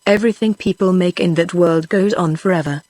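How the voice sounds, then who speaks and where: A British text-to-speech woman's voice reading the part of a calm, patient little wooden Noah's Ark man in a storybook. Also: on the low side, fairly quick, dry recording, natural voice. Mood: calm explaining. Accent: British English. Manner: patient, explaining.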